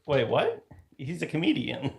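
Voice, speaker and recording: A man's voice: a little high, huge pitch swings, a little slow, gravelly. A man calling in to a radio show, laid-back and indifferent, laughing often. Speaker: caller. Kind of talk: casual phone-in chat.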